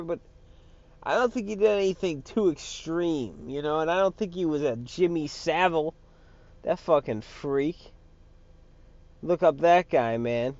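A man's voice: mid-range voice, a little mellow. A man ranting in a casual, profane, rambling way, full of fillers and swearing. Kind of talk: casual rant. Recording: dull lo-fi recording.

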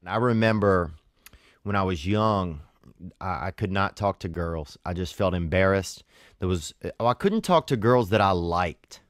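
A man calmly telling stories and giving advice in a matter-of-fact way. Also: low voice, a little slow, dry recording, clean studio sound. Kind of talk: casual storytelling and advice.

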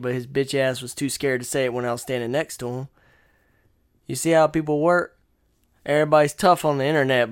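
A man's voice: mid-range voice, clean tone, no room sound, clean studio sound. A man ranting angrily about his critics, combative and swearing constantly in a casual monologue. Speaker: podcast host.

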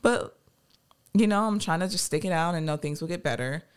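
Podcast co-host, mid pitch, rambling and profane, casual. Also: a little fast, clear, resonant tone. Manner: rambling, animated, swears freely.

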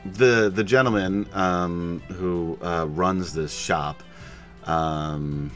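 A man's voice: deep voice, steady tone, extremely slow, soft background music. A man running a tabletop game as game master, rambling with fillers and laughs.

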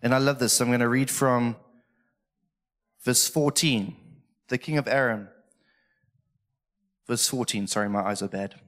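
A man's voice: medium pitch, fairly even intonation, a little slow, long pauses, fairly bright tone. A middle-aged male pastor preaching a conversational sermon from a church stage, earnest and emotional.

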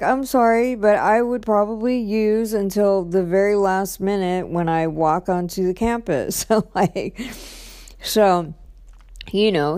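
A woman's voice: on the low side, dry recording, clean studio sound. A woman telling an emotional personal story in a rambling way, often repeating "I'm like" and trailing off. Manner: restarts and trails off, quiet at times. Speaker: vlogger.

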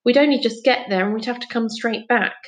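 A woman's voice: on the high side, a little fast, close to an everyday voice. A woman voicing a blunt, practical boy in a children's story.

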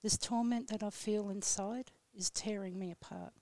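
This woman recites her own poem in a slow, solemn, measured way. Her voice sits in a middle pitch with very little rise and fall. The studio sound is dry and close. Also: fairly even intonation, darkish tone, no room sound. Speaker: radio guest poet. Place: radio studio.

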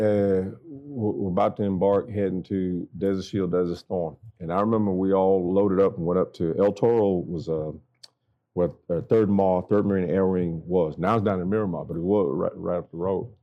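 A man's voice: mellow, lo-fi sound. Profane middle-aged man telling war stories. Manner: profane, blunt, acts out quoted dialogue with jumps in pitch. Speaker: podcast guest, military veteran. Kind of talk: casual storytelling chat.

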